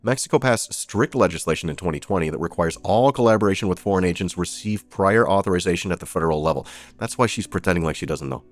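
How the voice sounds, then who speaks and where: Deep-voiced man doing sarcastic news commentary. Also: animated, fast, few pauses, faint music behind. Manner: sarcastic, profane asides while reading headlines. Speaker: live stream host. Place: streaming setup.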